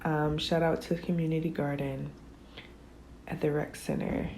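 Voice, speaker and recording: A woman's voice: low-pitched, normal speed, slight background noise. A young woman with a just-woken morning voice, chatting casually through a cooking voice-over. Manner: relaxed, chatty, filler-heavy. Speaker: cooking vlogger.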